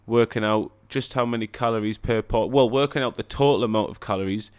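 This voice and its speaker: This co-host's voice is lowish, clear and resonant, and he speaks fairly quickly. His casual podcast chatter is argumentative, blunt and full of swearing.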